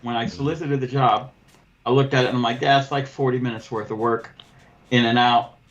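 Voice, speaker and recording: A man's voice: mid-range voice, brisk, dull audio. A man on a casual podcast, telling a long story about losing a cleaning client and acting out both sides of the talk, swearing freely. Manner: profane, animated storyteller acting out dialogue. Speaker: podcast host, window cleaner.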